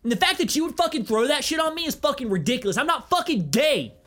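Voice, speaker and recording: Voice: high-pitched, very animated, fast, fairly bright tone, voice pushed up. A podcaster putting on a hot-headed male Christian rock singer who protests in a raised, over-the-top indignant voice.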